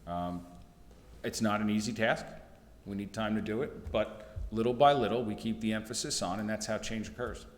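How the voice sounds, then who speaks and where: A man talks through utility plans at a town committee meeting, earnest and a little halting. His voice sits low. The sound is roomy, with a long hall reverb. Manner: earnest, halting with fillers and restarts. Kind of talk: explaining at a public meeting.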